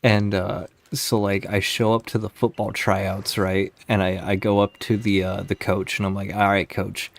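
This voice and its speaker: A man's voice: fairly low pitch, level tone, normal speed, few pauses. A man on a livestream telling rambling stories to his chat, swearing freely and laughing at himself. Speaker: streamer. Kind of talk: casual storytelling to live chat.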